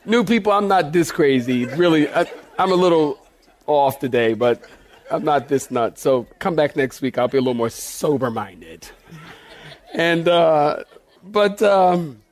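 Male pastor with a high voice, playful storyteller in the pulpit. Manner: playful, laughing often, talks to the congregation. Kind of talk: humorous storytelling sermon. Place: church in front of a congregation.

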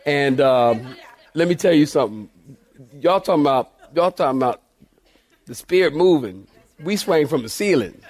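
Male pastor with a high voice, playful storyteller in the pulpit. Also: lively intonation, normal speed, pauses often, darkish tone. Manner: playful, laughing often, talks to the congregation. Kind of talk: humorous storytelling sermon. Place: church in front of a congregation.

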